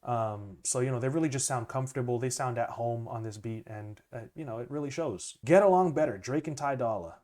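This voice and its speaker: A young man, a music producer, chatting casually and excitedly as he reacts to an album, laughing often. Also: mid-range voice, brisk, hardly any pauses. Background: music playing faintly.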